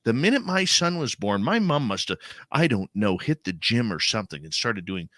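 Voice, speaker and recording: Animated, bright-voiced male radio host. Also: lowish voice, normal speed, dry recording, studio quality. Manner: animated, emphatic and chatty, with many fillers. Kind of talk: conversational interview talk.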